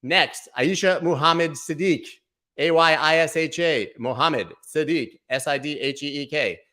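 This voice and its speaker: A man's voice: normal speed, sharp tone. Casual male livestream host. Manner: playful, breaks into a booming sports-announcer voice.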